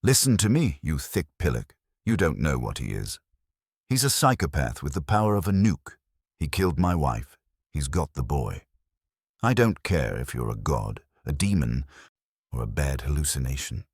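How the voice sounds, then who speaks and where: Man putting on bitter vigilante, thick guttural accent, rough slang, deep husky voice. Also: sing-song, normal speed, no room sound, studio quality, full character voice. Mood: gruff, desperate. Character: desperate, vengeful male vigilante leader, bitter and blunt.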